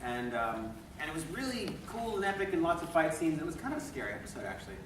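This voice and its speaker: A man, a voice actor on a convention panel, telling stories in an animated, laughing way. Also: a little high, fast talker. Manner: animated, laughing, acting out quotes. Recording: echoey hall recorded from far off with room noise.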